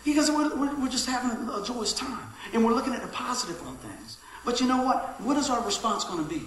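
A middle-aged man preaching a sermon, telling stories with swings from loud calls to hushed asides. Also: very high-pitched, brisk. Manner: lively storytelling, swings from shouting to hushed asides. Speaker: pastor. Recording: very echoey church hall.

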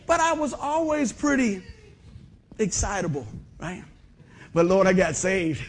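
A middle-aged man, preaching a folksy, animated sermon in a church and asking the congregation questions. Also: sits high, a little slow, pauses often. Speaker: pastor. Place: church sanctuary.

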